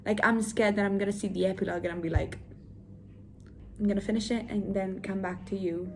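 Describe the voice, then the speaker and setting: A woman's voice: medium pitch, steady tone, a little fast, heavy background noise. Gushing young woman book vlogger. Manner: gushing, emotional, drops to a near whisper at times. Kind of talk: casual vlog chat.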